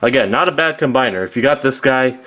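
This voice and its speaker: A man's voice: mid-range voice, expressive, fast talker, sharp tone, a little hiss or hum. A man giving a casual, rambling toy review, often correcting himself mid-sentence. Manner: rambling, self-correcting, offhand.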